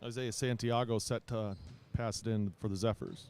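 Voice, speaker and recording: A man with a lowish, mellow voice calls a school basketball game in a relaxed, chatty way, tossing in asides between plays. Faint gym sounds and bouncing balls sit behind him. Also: normal speed, slight background noise. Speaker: play-by-play announcer for a school team. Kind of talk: casual sports commentary.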